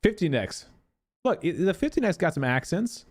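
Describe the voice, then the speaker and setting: A male content creator loosely walks through game cosmetics, ranting in an animated, exasperated way and swearing freely. His pitch jumps around a lot, and he keeps a moderate pace.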